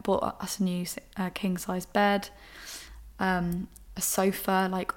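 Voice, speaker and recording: A young woman hosting a podcast, talking frankly and emotionally about her own life, with casual swearing. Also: mid-range voice. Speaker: podcast host. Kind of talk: candid personal monologue.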